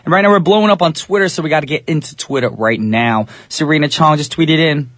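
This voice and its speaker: A young man hosting a radio show in a studio, chatting casually and talking straight to his listeners, his voice a little raspy. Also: fairly high pitch, fast talker, fairly bright tone, no echo. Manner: easygoing, chatty, addresses listeners directly. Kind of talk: English-language radio DJ chat.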